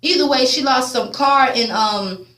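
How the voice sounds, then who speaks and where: A woman's voice: high-pitched, measured pace, fairly bright tone. Heated, profane woman vlogging. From Houston, Texas. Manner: heated, blunt, profane, rambling with many fillers. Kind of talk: emotional commentary vlog. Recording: echoey room, voice a bit far from the mic.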